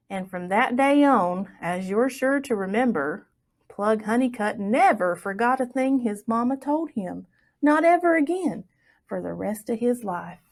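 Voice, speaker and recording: Storytime reader. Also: female voice, fairly high pitch, a little slow. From Southwest Virginia. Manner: expressive, lilting storytelling. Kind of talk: reading a folktale aloud for children.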